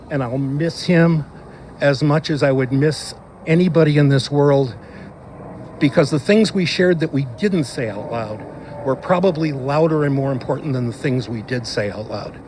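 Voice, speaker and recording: A man giving a eulogy for a close friend outdoors at a graveside, telling wry, animated anecdotes and acting out what others said. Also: on the high side, a little hiss or hum. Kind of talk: graveside eulogy told as funny stories.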